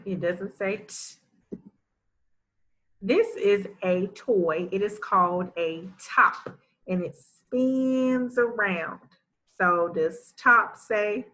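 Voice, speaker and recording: Slow, deliberate woman teacher for young kids, sounds out words carefully, praises often. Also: mid-range voice, poor audio. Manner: enunciates sounds carefully, warm praise for pupils. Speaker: first grade teacher. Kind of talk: slow, deliberate reading lesson for young children.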